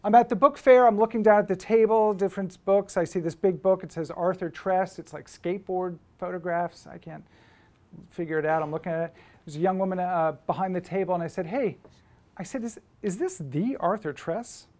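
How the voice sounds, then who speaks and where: A man's voice: high voice, fairly even intonation, brisk, a little mellow. A man, a photographer and book publisher, giving an anecdotal lecture to students at a school, telling stories in a conversational way with many fillers and restarts.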